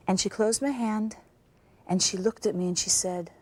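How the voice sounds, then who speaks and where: A young woman acting in a dramatic stage monologue as a woman in an abusive relationship, speaking in a slow, halting, reflective way. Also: medium pitch, fairly even intonation, a little mellow, lightly acted. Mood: somber. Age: young adult.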